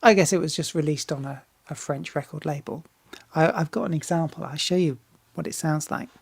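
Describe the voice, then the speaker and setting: A woman's voice: sits low, fairly even intonation, brisk, gravelly, a little mellow, slightly rough, no echo. A woman singer talking casually as she reacts to a music video, often restarting and repeating words, swearing freely and getting enthusiastic.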